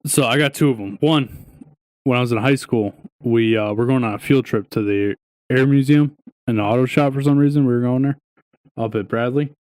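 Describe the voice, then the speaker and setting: Young guy podcast co-host, mid-pitched, dry close sound, spins crude stories with lots of "dude". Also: a little fast, no echo. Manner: profane, animated storytelling with lots of "dude" and "right?". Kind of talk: casual storytelling chat.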